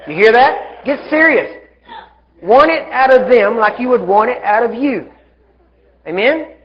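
Male preacher, high voice, fervent commanding delivery, muffled lo-fi live recording. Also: expressive, measured pace, breathy edge. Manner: fervent, commanding, rising to shouts. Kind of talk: sermon.

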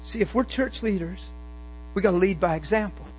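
Fervent preacher with a very high voice. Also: male voice, brisk, slight background noise, low-quality recording. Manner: fervent, emphatic, rhetorical questions. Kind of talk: sermon.

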